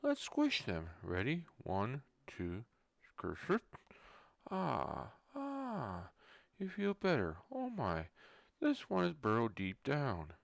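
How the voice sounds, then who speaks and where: A man voicing a creepy male ear-cleaner who pulls bugs out of ears. It is a whispered role-play, and he says the sound effects aloud in a hushed voice. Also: mid-range voice, wildly swooping pitch, slow pace, vocal fry, dry recording, studio quality, exaggerated voice.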